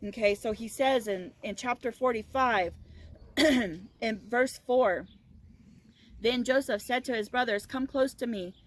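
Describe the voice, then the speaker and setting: A woman's voice: on the high side, measured pace, low-quality recording. A woman reading a Bible passage aloud and then explaining it in casual words as a teacher. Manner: reads scripture aloud, then retells it casually.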